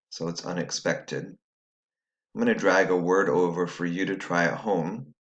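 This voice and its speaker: Man, very deep voice, patient teacher, step-by-step phonics lesson, recorded for students at home. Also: measured pace, dull audio.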